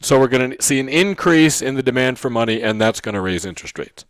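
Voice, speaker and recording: A man's voice: mid-range voice, animated, no room sound. Dry-voiced male economics teacher lecturing. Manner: checks in with frequent "okay?" and "right?"; repeats key points slowly for emphasis. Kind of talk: recorded lecture.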